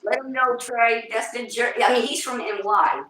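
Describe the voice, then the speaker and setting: A hyped woman with a New Jersey accent chats on her livestream in a loud, big voice. Her tone is bright and forceful, with a rising pitch. The sound is roomy and echoey, with faint ambience behind her. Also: normal speed. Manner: hyped, talks with emotion. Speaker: livestream host. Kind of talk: casual livestream chat.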